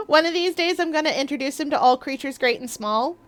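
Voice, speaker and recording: A woman's voice: sits high, expressive, brisk, a bit bright. A young woman from the Maritimes, chatting casually on a live stream, giggling often and rambling through asides. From Canadian Maritimes. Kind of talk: casual live-stream chat while gaming.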